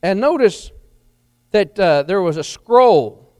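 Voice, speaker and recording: A man's voice: high-pitched, animated, slow pace, a little mellow, no echo, big-room sound. A man preaching a Bible lesson, reading scripture aloud and explaining it, sometimes stumbling and asking the listeners questions. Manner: reads scripture aloud then explains it, with restarts; addresses listeners directly with questions. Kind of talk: Bible teaching sermon.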